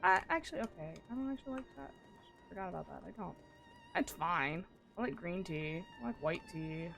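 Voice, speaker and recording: A woman's voice: lowish voice, animated, a little fast, creaky, fairly bright tone, soft background music. An American woman chatting casually and joking at her own expense while live-streaming a game. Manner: chatty, rambling, self-deprecating jokes.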